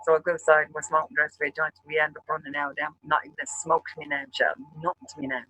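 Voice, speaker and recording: A man hosting a chat show, telling a rambling, profane story in an animated way. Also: on the high side, rapid-fire, poor audio. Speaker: show host.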